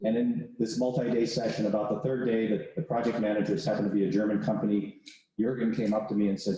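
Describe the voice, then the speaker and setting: A man lectures on pricing in a loose, conversational way, tagging his points with quick "right?" checks. His voice is mellow and dark. It rings out in a very echoey room. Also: fairly low pitch, little pitch movement. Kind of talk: classroom lecture with case story.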